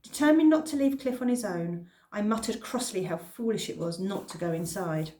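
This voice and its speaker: A woman reading a children's novel aloud in the first person, with expressive storytelling. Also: medium pitch, normal speed. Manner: expressive storytelling, lively emphasis. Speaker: reader. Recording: roomy echo.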